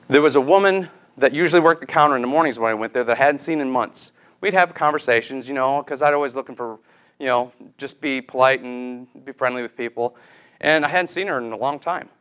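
A man's voice: mid-range voice, a bit bright. Male preacher, earnest storyteller, leads prayer, ordinary mid-range voice. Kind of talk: sermon with prayer.

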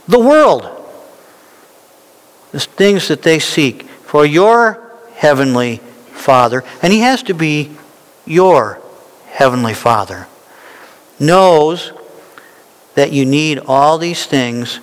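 A man preaching a sermon at a deliberate, unhurried pace, his voice sitting a little high for a man. He leans hard on key words and rises into insistent bursts. The sound carries a long reverb, as in a large hall. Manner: slow, emphatic preaching with rising, animated peaks. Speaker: pastor.

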